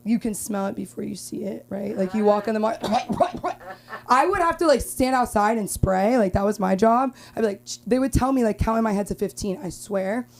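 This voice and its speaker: A young woman from Los Angeles performing a rambling stand-up comedy set at an open mic, with filler-heavy talk and sudden loud outbursts. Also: medium pitch, normal speed, vocal fry.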